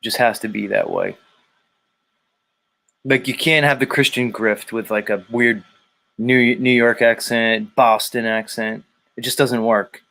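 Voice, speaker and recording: Gravelly, slow-talking Philly host. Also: male voice, medium pitch, steady tone, fairly bright tone, low-quality recording. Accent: Philadelphia. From Philadelphia area, US. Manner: sardonic, musing, wanders off on tangents. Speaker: show host. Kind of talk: casual livestream commentary.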